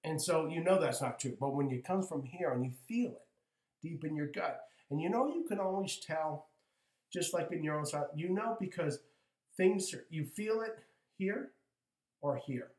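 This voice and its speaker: A man in his fifties coaching listeners in a relaxed, rambling spiritual talk, circling back with "right?" between thoughts. His voice sits a little high for a man. The room around him rings with a clear echo. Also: normal speed. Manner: conversational, with frequent "right?" asides and restarts. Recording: echoey room.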